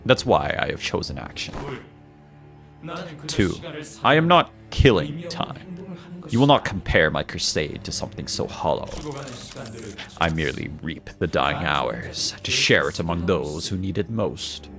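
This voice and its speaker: Man voicing a lofty, low time-stealing villain. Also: sing-song, creaky, over music, heavily acted. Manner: slow, lofty, condescending delivery. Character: grandiose male time-stealing villain, cold and preachy. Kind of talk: dramatic reading of game dialogue.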